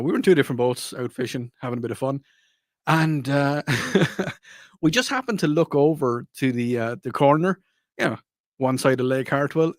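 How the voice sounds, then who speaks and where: A man's voice: mid-range voice, no echo. A man hosting a radio talk show in a casual, rambling way, repeating himself and apologizing as he chats into a studio mic.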